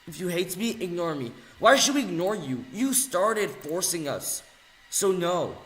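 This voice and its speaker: A young man rants on camera with a bright, cutting voice that leaps up and down in pitch. He mocks and insults, dropping to mutters and then bursting into yells. The room around him is echoey. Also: big pitch swings, a little slow. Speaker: video ranter. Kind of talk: angry rant video.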